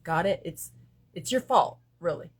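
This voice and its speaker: A woman hosting a casual spiritual live stream from her phone. She jumps between loud bursts and hushed asides and swears freely. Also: lowish voice, lively intonation, a little slow, husky.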